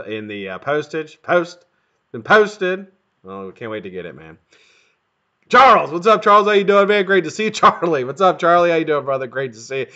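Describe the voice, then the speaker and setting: A middle-aged man hosting a casual live stream, greeting viewers one by one and swearing freely. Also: fairly high pitch. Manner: lively, profane, greets viewers one after another. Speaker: livestream host. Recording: dull lo-fi stream audio.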